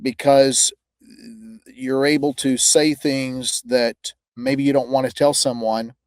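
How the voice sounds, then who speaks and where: A male podcast host talks in an earnest, halting way and searches for his words. His pitch is average. The recording is dry, with no room sound. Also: flat delivery, a little mellow, dry recording. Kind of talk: casual interview talk.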